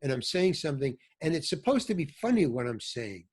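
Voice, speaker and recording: A man, an older actor, telling animated stories as a podcast guest and acting out what others said. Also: a little high, fairly quick, husky. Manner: animated storyteller, acts out quoted voices. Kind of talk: storytelling in a podcast interview.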